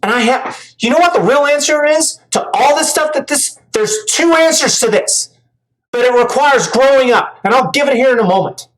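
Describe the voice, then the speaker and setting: A woman's voice: sits high, moderate pace, low-quality recording. A woman commentator giving angry reaction commentary, ranting, profane and scolding.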